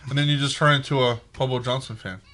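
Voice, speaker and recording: A young man hosting a casual podcast, joking and swearing through animated rants. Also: medium pitch, quick pace, slight background noise. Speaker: podcast host. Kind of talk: casual chat.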